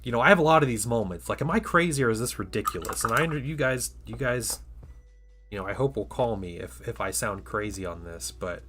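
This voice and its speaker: A man's voice: medium pitch, expressive, a little fast, a bit bright, a little hiss or hum. A man hosting a casual livestream while he paints miniatures, rambling and chatty with lots of restarts, and tired today.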